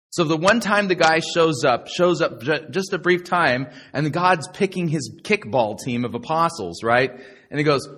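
A middle-aged pastor with a fairly high voice preaches a sermon to a live congregation. He is sarcastic and animated, now and then mocking other people's voices.

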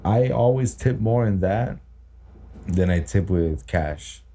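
A man's voice: deep voice, expressive, takes it slowly, warm tone. A man co-hosting a casual podcast chat, joking crudely and swearing often. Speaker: podcast co-host.

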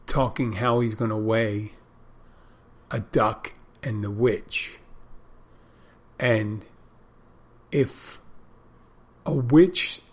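A man's voice: medium pitch, breathy edge. A man hosting a show, talking to his listeners in a casual, meandering monologue that often stops to correct itself and lose its thread. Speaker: podcast host.

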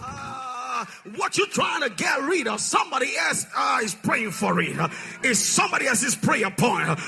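A male preacher delivering a sermon, calling out to the congregation and swinging from shouting to soft, low asides. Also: big pitch swings, normal speed, vocal fry, soft background music. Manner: call-and-response, swings from shouting to near-whisper.

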